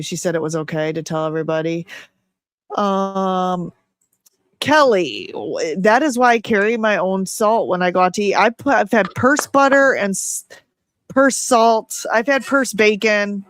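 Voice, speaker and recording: A middle-aged woman hosts a relaxed interview and chats in a rambling, storytelling way, laughing often. Her voice sits at an ordinary pitch. It is close and dry, with no room sound. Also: measured pace, dry recording. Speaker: host. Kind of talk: casual interview chat.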